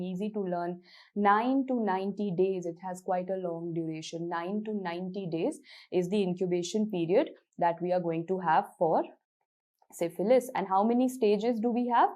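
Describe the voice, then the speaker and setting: Young Indian woman, medical tutor, mid-pitched, mellow voice, Hindi-English mix. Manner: explanatory, repeats points, mixes in Hindi words. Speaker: medical lecturer. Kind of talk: lecture with mnemonics.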